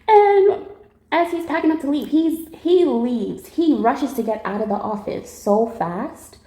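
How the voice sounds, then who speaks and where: A young adult woman telling a casual story, animated and slangy, often laughing and quoting people. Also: sits high, unhurried, roomy sound. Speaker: tarot reader telling a story.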